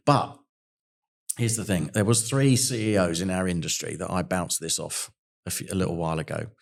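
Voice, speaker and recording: Animated middle-aged man, low voice. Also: brisk, gravelly. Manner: animated, jokey storyteller. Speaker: podcast guest. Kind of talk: casual conversational storytelling.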